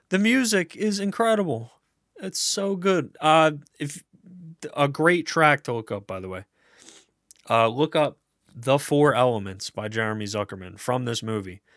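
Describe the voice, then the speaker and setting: A man's voice: mid-range voice, fairly bright tone, no room sound, studio quality. Gushing, rambling man reviewing a film. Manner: enthusiastic, swearing, rambling with many fillers. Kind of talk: unscripted casual review ramble.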